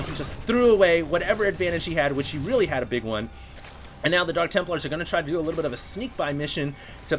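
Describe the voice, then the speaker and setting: A man calls a game replay solo in a high, bright-sounding voice, building energy through the action. He breaks into excited exclamations at big moments and chats casually to his viewers between plays. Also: a little hiss or hum. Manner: chatty asides to viewers. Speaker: esports caster.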